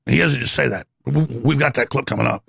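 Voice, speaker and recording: A man's voice: medium pitch, quick pace, gravelly, a bit bright, slightly rough, dry recording, clean studio sound. A middle-aged man hosting a talk show, ranting in a rambling, heated monologue.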